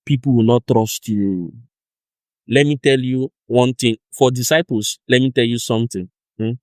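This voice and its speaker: Young nigerian guy teaching, animated, acts out chats, dry close sound. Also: mid-range voice, normal speed, no echo. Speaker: discipleship teacher. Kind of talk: informal teaching talk.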